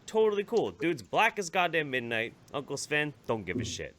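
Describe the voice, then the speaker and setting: A man's voice: a little high, very animated, normal speed, voice pushed up. A man doing a huge blustering Finnish uncle. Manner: loud, boisterous, profane.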